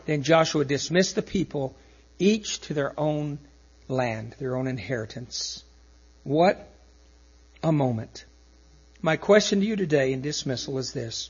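A man preaching with a high, husky voice. He drives his points home loudly, then drops to soft, low asides. The recording is dull and lo-fi, with a mains hum under it. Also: lively intonation, measured pace, long pauses. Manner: emphatic, swings from loud declarations to quiet asides. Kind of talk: sermon.

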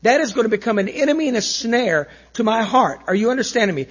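A man preaching with a high, husky voice. He drives his points home loudly, then drops to soft, low asides. The recording is dull and lo-fi, with a mains hum under it. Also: animated, fast. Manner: emphatic, swings from loud declarations to quiet asides. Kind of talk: sermon.

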